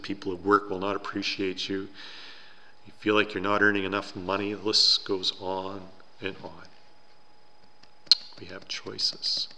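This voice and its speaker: A man preaching a sermon in a church, telling a story in an earnest, slow and deliberate way. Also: low-pitched, pushed and bright, in a large hall. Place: church sanctuary.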